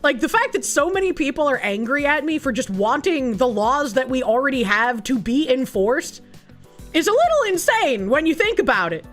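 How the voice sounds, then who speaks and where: A woman's voice: high voice, very animated, moderate pace, faint music behind. A woman with a Boston accent, streaming and ranting casually in a blunt, profane way. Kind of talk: casual livestream commentary.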